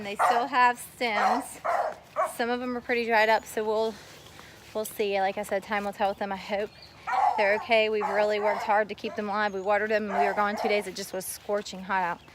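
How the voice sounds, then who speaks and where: A woman's voice: mid-range voice, little pitch movement, moderate pace, heavy background noise. A woman chatting casually as she walks through her garden filming on a phone, rambling a bit and a little out of breath. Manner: chatty, rambling, talks to kids and dog while filming. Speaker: homestead vlogger giving a garden tour. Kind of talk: casual walking garden tour. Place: outdoors in a backyard garden. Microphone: phone camera held while walking.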